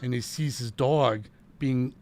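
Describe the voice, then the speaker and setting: A man's voice: mid-range voice, takes it slowly, noisy background. A middle-aged man, a paranormal investigator, earnestly telling a story from a case. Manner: earnest, retelling a case with restarts. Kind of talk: casual storytelling.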